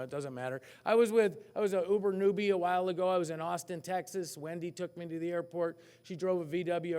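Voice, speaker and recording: A man speaking as an economist at a forecast breakfast, animated, asking the audience questions and poking fun at himself. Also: fairly high pitch, big-room sound. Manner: animated, asks the crowd questions, self-mocking. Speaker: economist giving a keynote. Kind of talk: lively forecast speech to an audience.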